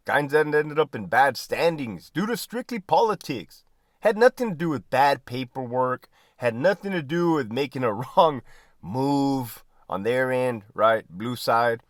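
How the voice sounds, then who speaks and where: A man's voice: medium pitch, expressive, unhurried, no room sound, clean studio sound. A man who was a prison lieutenant, talking bluntly and profanely to viewers, often tagging "right?" and "man". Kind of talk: candid casual monologue.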